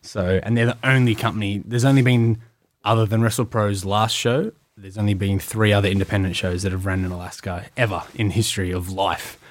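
In a casual podcast interview, a young Australian man who wrestles is the guest, rattling off stories and doing impressions of what others said. His voice is on the low side with a steady tone.

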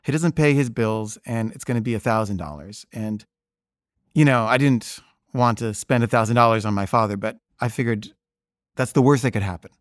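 A man's voice: medium pitch, moderate pace, no room sound, clean studio sound. A man casually telling a personal story in a rambling, wry way, full of fillers.

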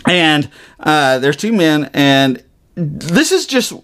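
A man's voice: fairly high pitch, big pitch swings, takes it slowly, a bit bright. A man, co-hosting a podcast and casually recapping a TV episode in a rambling way, with many fillers and restarts. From Southern US. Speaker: podcast co-host.

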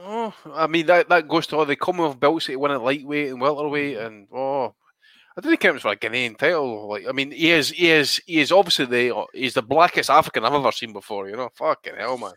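A man's voice: medium pitch, brisk, no room sound. A man co-hosting a casual boxing podcast, swearing a lot as he tells stories. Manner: sweary, animated storytelling. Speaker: podcast co-host.

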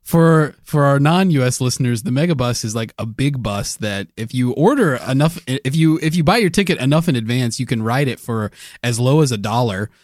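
A relaxed male podcast co-host chatting casually in a mid-range voice. He talks in an easygoing way and laughs readily. The sound is dry and close to the mic. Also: mid-range voice, a little fast, hardly any pauses, dry recording. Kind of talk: casual chat.

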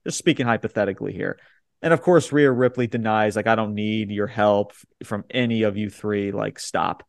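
A man's voice: fairly low pitch, normal speed, creaky, dry recording, clean studio sound. A man co-hosting a podcast, recapping a wrestling show in casual chat, blunt and swearing freely as he quotes the wrestlers. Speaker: podcast co-host.

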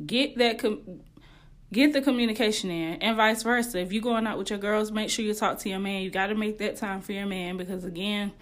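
A woman's voice: mid-range voice, a little fast. Candid, laughing woman podcast host. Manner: candid, slangy, laughs often. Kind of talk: casual relationship advice monologue.

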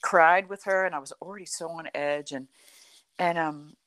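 A middle-aged woman telling a personal story in a conversation, animated and full of "like" and "you know". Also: deep voice, moderate pace, no echo. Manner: animated, acts out quoted dialogue, frequent "like" and "you know".

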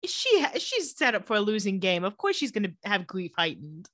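A woman's voice: medium pitch, brisk, no room sound, clean studio sound. A woman co-hosting a podcast, recapping a TV episode in casual chat and acting out the characters' lines. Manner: lively storyteller who acts out quoted lines.

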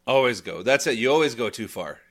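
Brief: male co-host with a bright, forward tone, loose and rambling, lots of restarts. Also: mid-range voice, lively intonation, brisk. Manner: rambling, full of restarts and chuckles. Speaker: podcast co-host. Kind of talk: casual chat.

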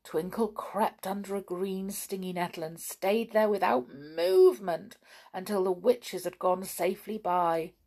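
A woman reading a children's story aloud in a slow, expressive way. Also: mid-range voice, vocal fry.

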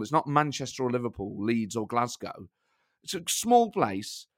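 A man's voice: fairly high pitch, no echo. A man from Nottingham talks in a casual podcast chat, his voice swinging up and down a lot as he tells stories. He laughs often, and the sound is dry and close. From Nottingham, England. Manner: animated storyteller, laughs often.

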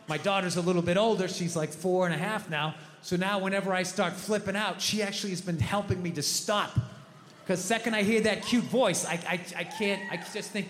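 A man in his thirties telling a stand-up story with a very high, bright and forceful voice. He swears freely and keeps breaking into shouted rants. The sound rings with a long echo from a big hall, with faint noise underneath. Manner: profane, animated, bursts into shouted rants. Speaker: stand-up comedian.

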